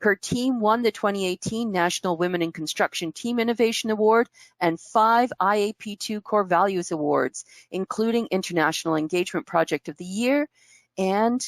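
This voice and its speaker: Speaking at normal speed in a medium pitch with no room sound, a woman introduces a webinar. Over video call, she cheerfully welcomes her guest after reading out the guest's biography.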